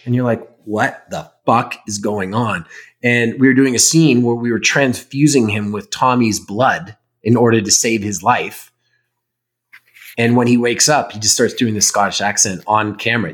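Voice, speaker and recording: A man's voice: medium pitch, a bit bright. A man in casual chat answering fan questions, rambling and candid, swearing now and then. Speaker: podcast host, actor.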